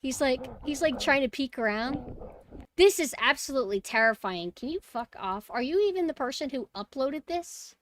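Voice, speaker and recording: A woman streamer talking casually to her viewers, excitable and swearing freely. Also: sits high, moderate pace. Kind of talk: casual live-stream commentary. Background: game music.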